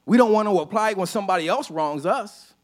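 A man preaching a sermon as a pastor, telling a personal story in a casual, conversational way and often dropping to a soft, low voice for emphasis. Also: expressive, fast. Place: church sanctuary.

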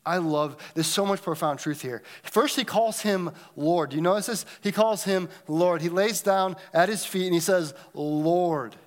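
A male preacher delivering a sermon with a somewhat high voice. He rises to loud, emphatic lines and then sinks into quiet, nearly whispered passages. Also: normal speed, few pauses. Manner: dynamic preaching, swings between loud emphasis and hushed near-whispers. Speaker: pastor.

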